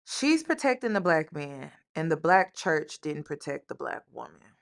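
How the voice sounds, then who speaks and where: A woman's voice: sits low, very animated, normal speed, creaky. Indignant woman reacting to a clip. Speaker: reaction video host. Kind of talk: commentary on a clip.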